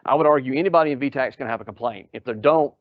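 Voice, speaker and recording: A man's voice: mid-range voice, racing, dry recording. A man, an emergency doctor giving a live lecture to medics, quizzing the audience and cracking jokes. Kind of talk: live lecture to EMS providers. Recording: dull lo-fi lecture audio.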